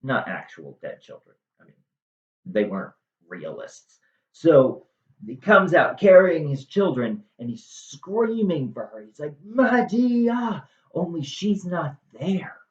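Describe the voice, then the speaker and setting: Slow, chatty man in an echoey room. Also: mid-range voice, dull audio. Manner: chatty, slangy, animated. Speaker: storyteller. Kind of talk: casual retelling of a classic play.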